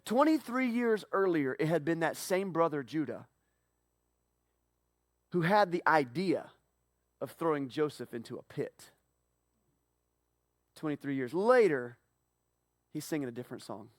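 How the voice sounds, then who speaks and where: A man preaching a sermon as pastor, telling the story with animated swings from hushed to loud. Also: fairly high pitch, measured pace, pauses often, no room sound, studio quality.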